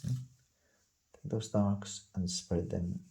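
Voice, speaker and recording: A man's low, dark voice, slightly gravelly, guides a drawing lesson at a very slow pace. He murmurs short repeated cues while he shades, as if thinking aloud. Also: rough recording. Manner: calm, unhurried, muttering repeated words while sketching. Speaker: art instructor. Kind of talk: slow drawing tutorial narration.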